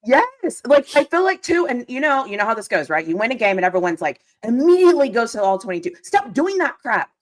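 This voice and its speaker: A woman co-hosting a live sports stream, ranting with excitement and emphasis. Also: on the high side, brisk, few pauses. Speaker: guest co-host.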